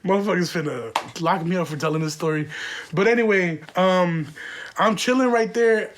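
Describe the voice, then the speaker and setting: A man's voice: high-pitched, moderate pace, background noise. A young man hosting a podcast, telling a profane, rambling story in a casual way and laughing often. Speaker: podcast host.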